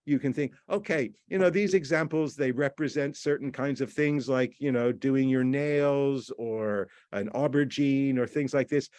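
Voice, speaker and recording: A man's voice: mid-range voice, a little mellow, no echo. A man giving a university lecture, explaining step by step, repeating words and acting out quoted messages. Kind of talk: recorded lecture.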